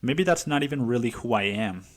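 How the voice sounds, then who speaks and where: A man's voice: mid-range voice, expressive, brisk. A man in his twenties hosting a casual solo podcast, rambling with heavy swearing and many restarts. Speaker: podcast host.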